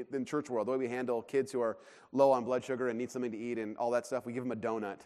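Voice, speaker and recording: Male pastor, 30s, slightly high voice, animated storytelling sermon, long hall reverb. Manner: animated storytelling, acts out child's shouts. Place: church sanctuary.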